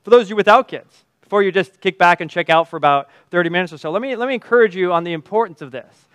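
A man's voice: high voice, fast talker, a bit bright, no room sound. A man, in his thirties, preaching a sermon and telling a family story with chuckles.

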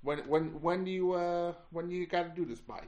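A man's voice: sits high, steady tone, fairly quick, darkish tone, pitched above the performer's own voice, natural voice. A man voicing a blunt, violent male vampire hunter in a put-on Chicago accent during a tabletop game. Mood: gruff. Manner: blunt, tough-guy talk.

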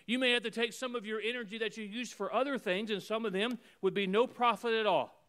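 Male pastor, high and resonant, preaching with emphatic repeated phrases and sudden drops to a hush. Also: steady tone, fairly quick. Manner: emphatic preaching with swings between loud and hushed; repeats phrases in rhythmic runs. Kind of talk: sermon.

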